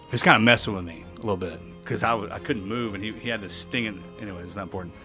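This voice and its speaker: A man's voice: lowish voice, very fast, sharp tone, faint music behind. A middle-aged man telling a gripping story as a podcast guest, vivid and emotional, often restarting his sentences.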